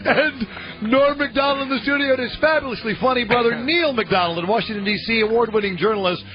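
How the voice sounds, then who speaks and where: A laughing male radio host with a very high voice announces and needles his guests. Music plays clearly under him, and the sound is dull and lo-fi. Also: fast talker. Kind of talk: morning radio banter. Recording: lo-fi radio recording.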